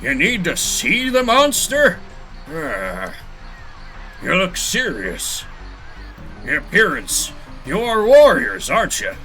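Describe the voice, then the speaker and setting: Man doing a loud, brash cave gatekeeper. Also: sits high, wildly swooping pitch, slow pace, pauses often, soft background music, pitched above the performer's own voice, exaggerated voice. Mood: blustery. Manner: blustery, shouting from a distance.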